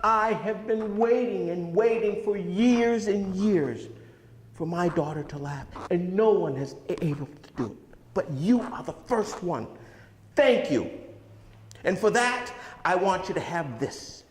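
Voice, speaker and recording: A man's voice: sits high, expressive, measured pace. A man voicing a grateful wealthy father in a told folk tale, in an echoey hall. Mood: earnest. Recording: echoey hall, faint noise.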